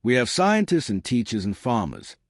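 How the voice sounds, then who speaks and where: A man voicing a calm, reasonable woman admiral in a storybook. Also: medium pitch, normal speed, no echo, studio quality. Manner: mild, reasonable.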